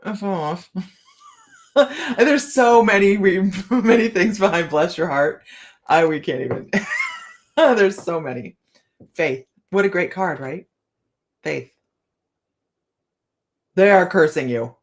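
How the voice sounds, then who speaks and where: Taking it slowly and pausing often, a middle-aged woman reads cards for her live-chat audience in a fairly low, expressive voice. She talks to viewers by name and laughs a lot in this casual tarot stream.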